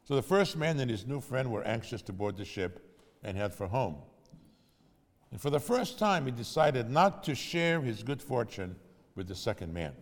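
A man's voice: medium pitch, very animated, moderate pace, big-room sound. A man preaching in storytelling style, conversational and asking his audience questions. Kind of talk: sermon storytelling.

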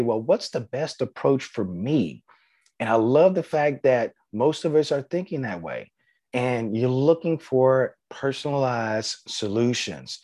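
A man's voice: medium pitch, a little mellow, dry recording, studio quality. A man hosting a podcast on his own, talking casually and encouragingly, with plenty of fillers. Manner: conversational, filler-heavy, encouraging. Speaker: podcast host. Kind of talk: casual solo podcast talk.

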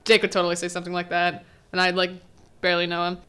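A woman's voice: on the low side, completely flat delivery, very fast, over music. Chatty young woman recapping a show. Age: teens. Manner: chatty, laughs often, quotes characters in little voices. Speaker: podcast host. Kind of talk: casual solo recap chat.

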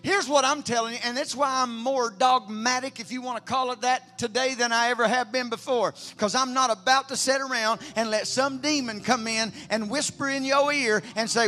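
A man, preaching a sermon emphatically, moving between loud declarations and quiet storytelling. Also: extremely high pitch, fairly even intonation, moderate pace, hardly any pauses, soft background music. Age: 50s. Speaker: pastor.

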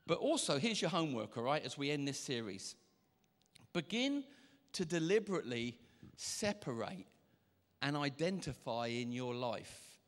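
A man preaching a lively sermon as pastor, acting out the voices he quotes. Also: fairly high pitch. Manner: animated, acts out quoted voices. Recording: reverberant church hall.

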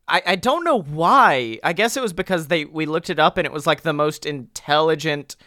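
A man in his twenties co-hosting a casual podcast chat, telling stories animatedly and jumping into loud, high acted quotes. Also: expressive, moderate pace, no room sound, clean studio sound. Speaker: podcast co-host.

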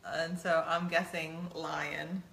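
A woman's voice: low-pitched, little pitch movement, takes it slowly, gravelly, a bit bright, roomy sound. A middle-aged woman co-hosting a playful couples quiz game, teasing and laughing often. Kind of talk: casual chat.

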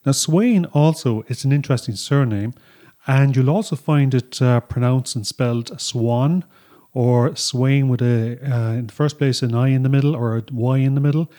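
A man co-hosting a podcast, explaining things in a relaxed way with filler words. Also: medium pitch, normal speed. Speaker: podcast co-host. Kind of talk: explanatory conversational podcast talk. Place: home studio.

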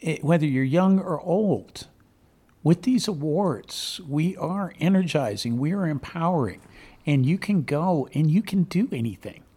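Husky guy with a highish voice on radio, all fired up and encouraging. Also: expressive, a little slow, dark tone. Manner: enthusiastic, rallying. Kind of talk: casual radio chat. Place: radio studio.

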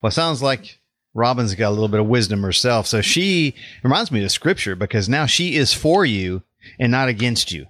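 A man's voice: mid-range voice, animated, moderate pace, a bit bright, dry recording, studio quality. A man hosting an interview, affirming his guest in an encouraging way. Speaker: host. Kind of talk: interview chat.

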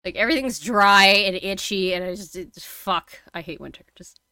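Bright, blunt woman in casual chat. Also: mid-range voice, moderate pace, clean tone, no room sound. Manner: blunt, chatty, laughs easily, swears. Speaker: co-host and streamer.

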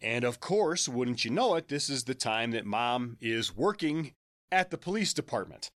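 A man's voice: mid-range voice, very animated, normal speed, fairly bright tone, dry recording, clean studio sound. A man in his forties on a podcast, telling a personal story candidly and conversationally, with a laugh now and then.

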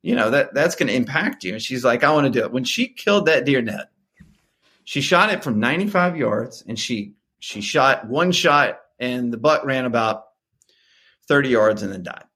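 Man, middle-aged, podcast guest, lively storyteller, swinging pitch. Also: moderate pace. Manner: animated, acts out dialogue with sharp pitch jumps. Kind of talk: casual storytelling interview.

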